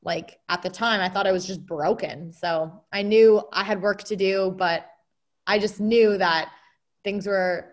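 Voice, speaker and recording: A young woman co-hosting a casual podcast. She speaks earnestly and from the heart, rambling in quick bursts. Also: medium pitch. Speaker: podcast co-host.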